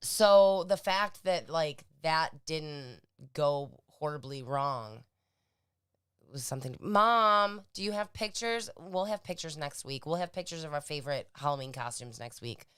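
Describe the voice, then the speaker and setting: A woman's voice: sits low, lively intonation, unhurried, clean tone. A young woman co-hosting a show, chatting casually with playful, profane banter. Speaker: podcast co-host. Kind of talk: casual chat.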